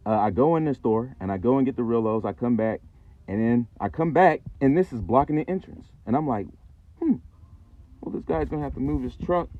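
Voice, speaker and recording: Man, low and animated, rambling profane storyteller, tinny phone-like sound. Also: slightly rough. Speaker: channel host. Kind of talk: casual storytelling vlog.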